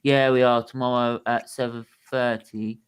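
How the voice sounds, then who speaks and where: A man's voice: mid-range voice, little pitch movement, normal speed, smooth. A man hosting a casual live stream, trying to wrap it up amid interruptions. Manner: flustered, trying to wrap up, laughs often. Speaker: stream host.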